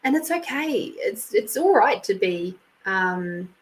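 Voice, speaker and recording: A woman's voice: mid-range voice, big pitch swings, slow, low-quality recording. An Australian woman hosting a casual live stream, chatty and laughing often as she thanks viewers by name. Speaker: intuitive reader and live stream host.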